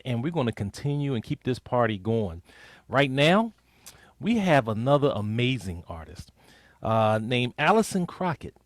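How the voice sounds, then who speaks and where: An upbeat man hosts an online family sing-along and reads out guest introductions. His voice sits a little high for a man. The sound is dry and close, like a video call. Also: no room sound. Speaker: host.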